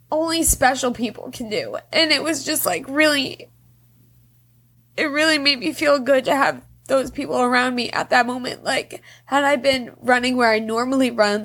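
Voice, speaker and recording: A woman's voice: fairly high pitch, a bit bright. A young woman tearfully telling a personal story in a casual, rambling way, full of fillers. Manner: rambling, emotional, heavy use of "like".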